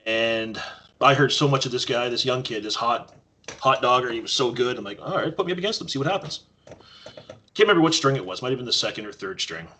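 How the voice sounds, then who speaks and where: The podcast guest here is a Canadian man whose mid-range voice moves quickly. His storytelling is casual yet lively, and he plays out the quotes as he tells them.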